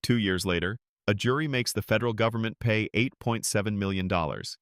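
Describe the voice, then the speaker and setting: A man's voice: lowish voice, brisk, fairly bright tone, no room sound, studio quality. A man giving scripted dramatic narration in a grave, emphatic manner.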